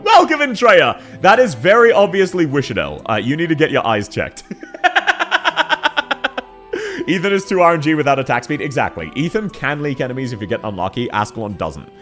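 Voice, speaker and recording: A man chatting casually on a live stream, laughing often and answering his chat. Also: lowish voice. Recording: faint music behind.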